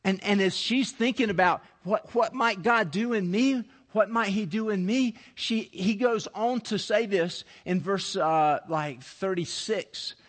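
A man with a high voice preaches an animated sermon and acts out scripture scenes. He often restarts his sentences as he builds each point. His voice rings through the long reverb of a large church sanctuary. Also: unhurried, few pauses.

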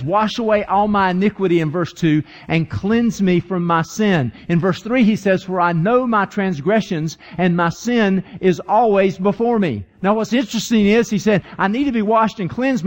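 A man preaching a sermon, retelling a story with earnest emphasis that rises to urgent appeals. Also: high voice. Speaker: pastor.

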